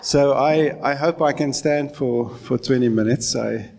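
This Afrikaans-accented South African preacher in his forties has a creaky mid-range voice and speaks a little slowly, in a very noisy recording. His church sermon is conversational and self-deprecating, full of false starts.

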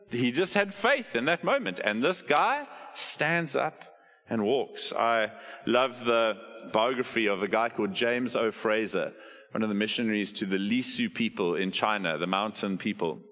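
A middle-aged man, preaching a sermon as a pastor, telling stories and putting questions to the congregation. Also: mid-range voice. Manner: animated storytelling, asks the audience questions. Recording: long hall reverb.

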